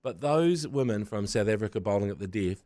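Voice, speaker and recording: A New man on a podcast panel chatting casually about sport, animated and swearing, often breaking into quoted voices. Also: on the low side, fairly quick, no room sound, clean studio sound.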